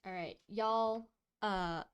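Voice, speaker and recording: A woman's voice: medium pitch, slow, clear, resonant tone. Woman gm narrating a tabletop game, playful, giggly. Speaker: game master.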